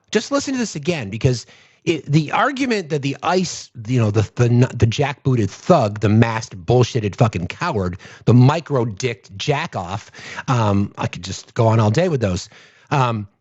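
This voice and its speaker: A man's voice: mid-range voice, big pitch swings, a little slow, husky, no room sound, highs cut off. A man hosting political commentary from home, sarcastic and profane. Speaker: host.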